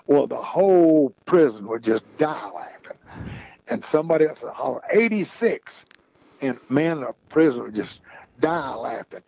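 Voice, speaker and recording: A man spins long, rambling tales in an easygoing chat, forever circling back with "he said." His voice is gravelly and dark, with a breathy, husky edge. The sound is a little muffled and lo-fi. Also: a little high. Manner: folksy, rambling, keeps repeating "he said". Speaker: podcast guest storyteller. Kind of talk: casual storytelling.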